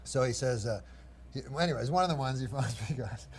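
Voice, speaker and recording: A man, a guest comedian, telling a rambling anecdote in a dry, halting way, with chuckles and mimicked voices. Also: medium pitch, slight background noise.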